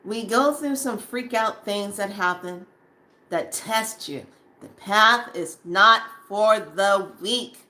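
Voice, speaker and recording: A woman speaking casually to camera about staying on a spiritual path, animated and acting out her own past reactions. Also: mid-range voice, slow.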